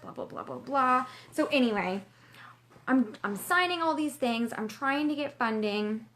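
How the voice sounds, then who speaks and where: A woman's voice: mid-range voice, a bit bright. A young woman from Canada telling a personal story to her vlog viewers, chatty and gushing, full of "like" fillers. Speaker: vlogger. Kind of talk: casual storytelling.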